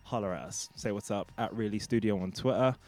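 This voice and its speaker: Laid-back radio host. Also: male voice, lowish voice, brisk, darkish tone. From London. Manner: laid-back, jokey, slangy. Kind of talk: casual radio chat. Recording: music playing behind.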